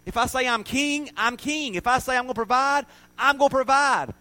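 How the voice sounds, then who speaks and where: Jesus, steady and reassuring, as a preacher voices him. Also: male voice, high-pitched, slow pace. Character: Jesus, calm reassuring male teacher.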